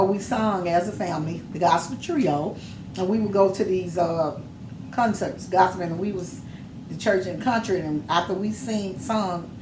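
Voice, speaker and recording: A middle-aged woman speaks in casual podcast chat with an emphatic, sermon-like push to her storytelling. The room is echoey, and steady background noise sits under her voice. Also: fairly low pitch. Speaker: podcast guest, mother.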